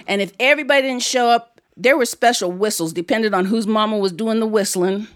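A woman's voice: fairly high pitch, fairly quick. A woman storyteller from Ohio, telling a family story live before a studio audience and breaking into song to lead them in call-and-response. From Ohio, USA.

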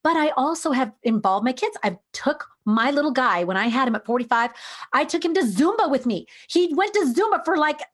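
A woman's voice: high voice, expressive, fairly quick. Earnest, storytelling middle-aged woman. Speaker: podcast guest. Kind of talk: casual conversation.

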